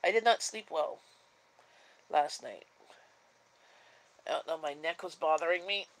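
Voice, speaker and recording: A woman's voice: deep voice, unhurried, poor audio. A woman chats on a live stream in an easygoing, meandering way, full of "um" and "like." She sounds sleepy and keeps yawning between thoughts, drifting from one topic to the next. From Canada. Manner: rambling and chatty, many fillers. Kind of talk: casual live-stream chat.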